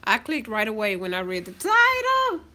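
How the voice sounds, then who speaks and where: A woman's voice: a little high, wildly swooping pitch, normal speed, pushed and bright, a little hiss or hum. A woman hosting a casual livestream from her phone, greeting viewers by name and chatting playfully. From Southern United States. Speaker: livestream host.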